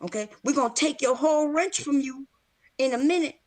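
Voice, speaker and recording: Brash, profane woman, slightly high voice. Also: a little fast. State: out of breath. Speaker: guest on a livestream. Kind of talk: casual livestream chat.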